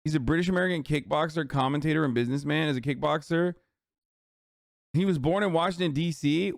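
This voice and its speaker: A man's voice: fairly high pitch, fast, gravelly, dry recording, studio quality. A man streaming, giving loose, profane, mocking reaction commentary on videos he is watching.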